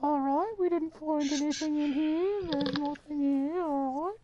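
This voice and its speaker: A man putting on a squeaky streamer. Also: steady tone, muffled recording, noisy background. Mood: chirpy. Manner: high, chirpy, drawn-out narration. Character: squeaky overeager British-style streamer leading a group.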